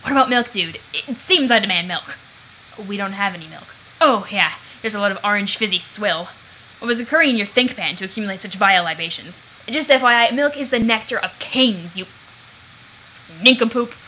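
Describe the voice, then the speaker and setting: A woman voicing a brash young man who brags about his muscles with loud, mock-old-fashioned exclamations. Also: mid-range voice, animated, a little fast, slight background noise, poor audio. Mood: demanding.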